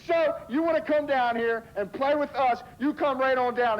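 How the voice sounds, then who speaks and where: A man yelling an insulting wrestling promo, high-pitched. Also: moderate pace, hardly any pauses. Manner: shouting, insulting. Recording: lo-fi 1990s TV audio.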